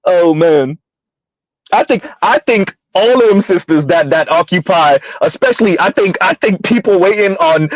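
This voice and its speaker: A man with a high voice hosts a casual livestream, reading chat and talking with viewers, laughing often and stumbling over repeated words. The sound is dull, lo-fi, and dry, with no echo.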